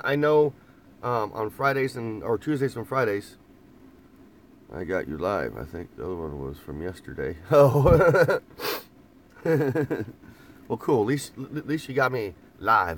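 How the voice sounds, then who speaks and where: A man's voice: mid-range voice, a little hiss or hum. Rambling man chatting from a camper van. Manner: rambling, laughs often, repeats phrases. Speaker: vlogger reading live chat. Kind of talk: casual live-stream chat. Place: inside a parked camper van.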